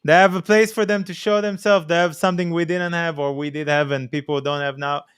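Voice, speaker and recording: A man's voice: on the high side, fairly even intonation, fairly quick, a bit bright, clean tone, dry recording, studio quality. A man hosting a livestream in casual chat, rambling and playful, speaking English with a mixed non-native accent. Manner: rambling, playful, drifts between topics. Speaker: DJ and stream host. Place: streaming room. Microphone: streaming mic.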